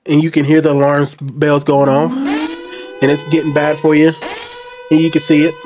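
A man commenting on a video clip to his viewers, jumping between loud outbursts and low, quiet asides. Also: moderate pace, over music. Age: adult. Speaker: reaction commentator. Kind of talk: casual commentary to camera.

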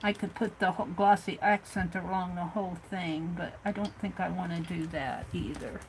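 A woman's voice: lowish voice, fairly even intonation, moderate pace, a little hiss or hum, rough recording. A woman hosting a craft livestream, chatting casually and thinking aloud as she works on an art journal.

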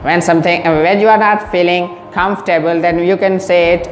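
Woman, English teacher, slow drilled repetition, low voice, echoey room, faint music. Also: steady tone, slight background noise. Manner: slow, repeats words for drilling pronunciation; checks in with "Okay?" often. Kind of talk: beginner English lesson.

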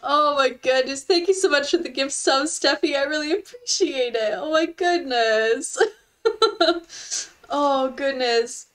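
Young woman streamer, high voice, gushy and giggly, just chatting w her viewers. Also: a little slow. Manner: effusive, gushing and giggly. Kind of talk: casual live-stream chat with viewers.

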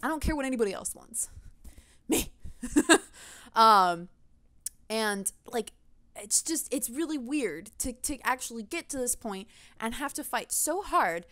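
A woman's voice: fairly high pitch, expressive, unhurried, pauses often, sharp tone, dry recording. A young woman venting animatedly in a casual vlog rant, laughing often. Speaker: gaming vlogger.

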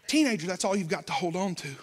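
A young man with a Southern American accent preaching a sermon with passion, going from shouts down to a hushed near-whisper. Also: high voice, animated, fast, breathy edge. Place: church. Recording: long church hall reverb.

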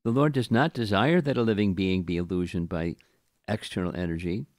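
Low-voiced man giving a halting scripture talk. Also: a little mellow, dry recording, clean studio sound. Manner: halting, with frequent restarts and repeated words. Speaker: spiritual teacher. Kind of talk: scripture lecture.

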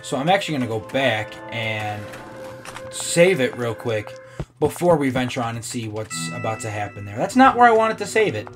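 Man, casual game commentary, rambling, swears, very lively pitch, faint music behind. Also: normal speed. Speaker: let's play gamer.

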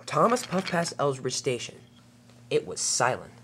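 A narrator telling a homemade toy-train story with lively delivery. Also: medium pitch, measured pace, a little hiss or hum. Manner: animated storytelling.

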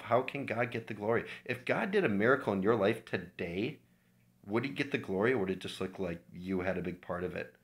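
A man's voice: fairly low pitch, animated, fairly quick, a bit bright. A man from Minnesota sharing an informal, heartfelt devotional talk with his church, earnest and personal. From Minnesota, USA.

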